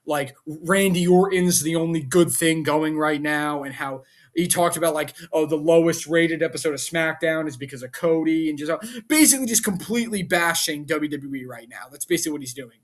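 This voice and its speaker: A man with a slightly higher voice than most talks through a casual review vlog. He rants in an animated, exasperated way and keeps throwing out rhetorical questions in disbelief. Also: a little fast. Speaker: wrestling show reviewer.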